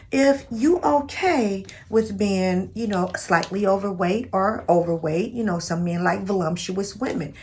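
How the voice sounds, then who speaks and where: A woman's voice: on the low side, creaky, slightly rough. A woman vlogging dating advice to viewers she calls sis, in a chatty, preachy, spiritual way. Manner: spiritual, encourages prayer and manifesting. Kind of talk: casual motivational talk to camera.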